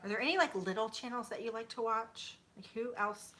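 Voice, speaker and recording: Woman, 30s, bright voice, chatty vlogger, rambling with fillers, sitting on her bed at home. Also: a little high, a little fast. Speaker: YouTuber. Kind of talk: casual chat with viewers.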